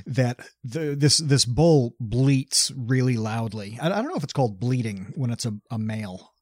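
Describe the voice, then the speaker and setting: A man co-hosting a podcast, telling stories in a casual, deadpan, understated way. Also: medium pitch, moderate pace, dry recording, clean studio sound. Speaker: podcast co-host. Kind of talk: casual chat.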